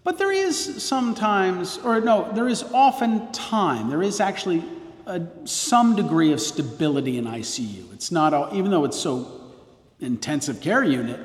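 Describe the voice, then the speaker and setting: A male priest with a fairly high voice tells a casual story and often stops to correct himself. The sound bounces around a roomy hall with a long reverb tail. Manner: rambling, frequent restarts and self-corrections. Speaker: Catholic priest.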